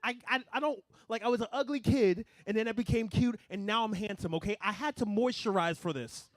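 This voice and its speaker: A young man doing a stand-up comedy set, animated, swinging between mumbled asides and loud punchlines. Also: high voice, a little fast, no echo.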